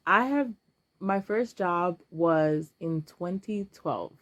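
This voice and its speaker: A woman's voice: on the low side, expressive, slow pace, no room sound. A woman in her thirties, talking casually and emotionally to camera while counting cash aloud. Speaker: vlogger.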